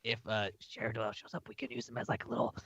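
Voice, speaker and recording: A man's voice: fairly low pitch, flat delivery, very fast, fairly bright tone, no echo, lo-fi sound. A man playing a tabletop game, laid-back and teasing. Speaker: player. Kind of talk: in-character tabletop play.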